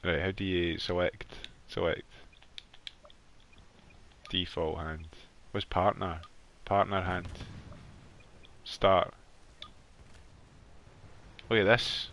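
Scottish male streamer, low voice, loose and talkative with his viewers, quick to laugh. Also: flat delivery, fairly bright tone, a little hiss or hum. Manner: chatty, laughs often, talks to viewers. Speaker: live game streamer. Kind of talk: casual live gameplay chat. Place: warm bedroom at home.

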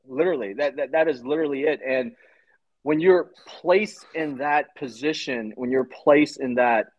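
A man's voice: on the high side, fairly bright tone, slightly rough, dry recording, low-quality recording. A man in his forties, a former Army Ranger, telling his story in a casual interview, blunt and swearing freely. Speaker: podcast guest, Army Ranger veteran.

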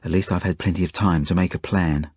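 A man's voice: low voice, steady tone, brisk, a little mellow, breathy edge, no echo, clean studio sound. A man with an Australian accent, an author reading his own novel as first-person audiobook narration in a plain, earnest way.

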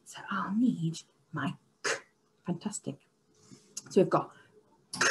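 A woman teacher leading an online phonics lesson for young children, sounding out letters slowly and praising with excitement. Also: lowish voice, noisy background. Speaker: early years teacher.

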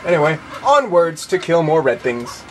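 This let's play gamer has a fairly high, sing-song voice and speaks at normal speed. He swears often and keeps up sarcastic gameplay commentary over video game music in a noisy background.

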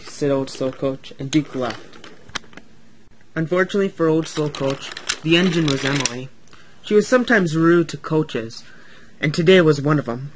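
A man narrating a homemade toy-train story in a plain, slightly hurried reading voice. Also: fairly high pitch, a little hiss or hum.

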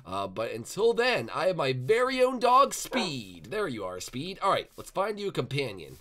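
A man hosting a Minecraft roleplay video, chattering excitedly and coaxing the game animals along. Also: a little high, moderate pace. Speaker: gaming channel host.

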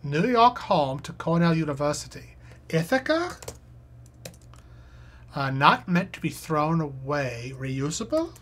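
A woman's voice: deep voice, big pitch swings, slow pace, pauses often. A woman live streaming, reading crossword clues aloud and muttering her guesses as she thinks.

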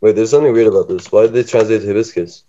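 A man's voice: on the low side, rapid-fire, warm tone. A man co-hosting a casual podcast about poetry, playful, laughing often and drawing words out. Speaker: podcast co-host. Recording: dull lo-fi podcast audio.

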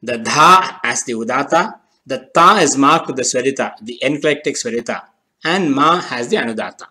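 A man giving a scripted lesson as teacher, speaking in a measured, deliberate way and slowing down on key terms. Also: medium pitch, lively intonation, pushed and bright, rough recording. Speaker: language teacher.

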